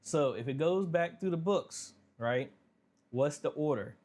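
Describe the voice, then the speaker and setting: A man hosting a casual live Q&A, talking through viewer questions in a relaxed, conversational way with plenty of fillers. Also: a little high, measured pace. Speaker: livestream Q&A host. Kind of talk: casual livestream Q&A.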